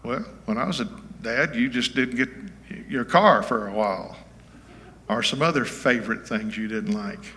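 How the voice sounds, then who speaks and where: A man's voice: medium pitch, moderate pace, bright, forceful tone, a little hiss or hum. A man in his seventies, a pastor giving an informal, folksy teaching sermon and often checking in with his listeners. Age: 70s. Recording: reverberant hall.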